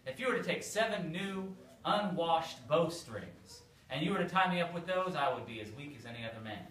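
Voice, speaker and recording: A man's voice: a little high, animated, brisk, a bit bright, voice pushed up. A man voicing a tricky young strongman who talks offhandedly, recorded in an echoey room from a distance. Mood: sly. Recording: echoey room, far from mic, faint noise.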